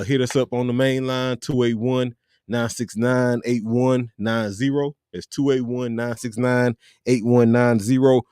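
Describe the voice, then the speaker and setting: A man hosting a podcast in a relaxed, casual way, with plenty of fillers, stopping his guest to sort out the details. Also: medium pitch, clean tone, no echo, studio quality. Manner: laid-back with fillers, stops the guest to check details. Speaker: podcast host.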